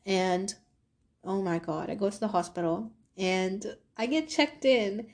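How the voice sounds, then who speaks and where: Young woman, podcast host, mid-range voice, casual storytelling, lively when she acts out quotes. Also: measured pace. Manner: animated, acts out quoted dialogue with pitch jumps.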